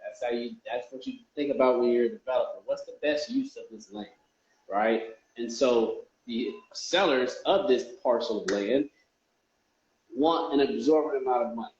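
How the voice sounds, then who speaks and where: A man's voice: mid-range voice, normal speed, a little mellow. A man, a real estate investor, talking casually to his viewers in a loose, rambling way with lots of restarts. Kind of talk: casual vlog talk to viewers. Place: indoors, a warm room. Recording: echoey room, dull lo-fi sound.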